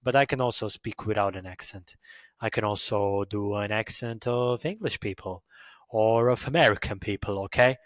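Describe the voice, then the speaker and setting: A man from Latvia with a Latvian accent, hosting a podcast in a halting, self-mocking casual monologue full of fillers. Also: lowish voice, dry recording. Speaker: podcast host.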